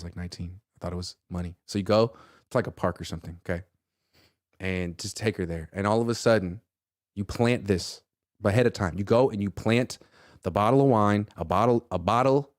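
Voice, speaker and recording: A man's voice: on the low side, brisk, no room sound, clean studio sound. A man in his thirties hosting a casual sports talk show, joking and acting out what others say. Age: 30s. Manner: animated, jokey, acts out quotes. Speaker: podcast host.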